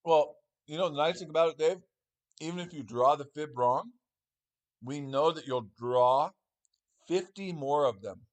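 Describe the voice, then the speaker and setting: A man's voice: a little high, unhurried. A man co-hosting a live trading stream who rants in a sarcastic, profane way. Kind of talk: casual live-stream talk.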